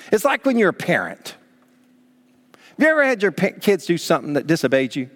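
A male pastor delivers a sermon in a lively, swooping voice pitched a little above the usual for men. He leans hard on key words and acts out scolding parents. His voice carries a long reverb, as if in a large sanctuary hall. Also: fairly quick, pauses often. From Southern United States. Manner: animated, emphatic, acts out parents scolding children.

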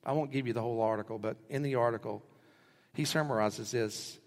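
A middle-aged male pastor preaching a sermon, telling stories animatedly and acting out quotes with sudden jumps in pitch. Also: fairly quick. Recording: husky voice with long hall reverb.

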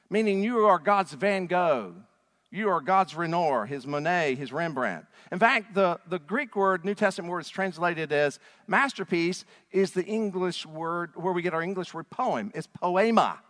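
A man with a high voice preaches with emphasis, pressing each point home to a congregation. His words ring out with a long reverb in a large church hall. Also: expressive, measured pace. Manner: emphatic, rising to loud declarations. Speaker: pastor. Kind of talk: sermon.

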